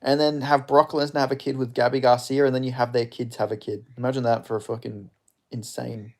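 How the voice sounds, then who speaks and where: A man hosting a live fight watch-along, giving casual, profane commentary with sudden excited outbursts. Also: medium pitch, brisk. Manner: excitable, swearing, bursts into loud reactions.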